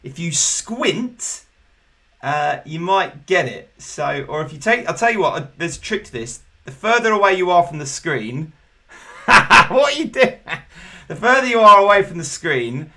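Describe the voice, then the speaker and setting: A man hosting an online pub quiz, chatty and jokey with loud bursts of excitement. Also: on the high side, normal speed, a little hiss or hum. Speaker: quiz host.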